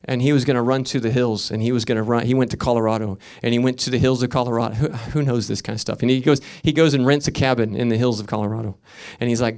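A man's voice: medium pitch, fairly even intonation, fast talker, few pauses, a little mellow. A middle-aged man preaching a fervent sermon as pastor, telling stories between declarations.

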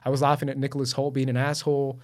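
A man's voice: mid-range voice, very fast. A young man co-hosting a podcast, chatting casually and joking with a friend, laughing often. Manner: animated, jokey, laughs often. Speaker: podcast co-host. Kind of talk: casual chat.

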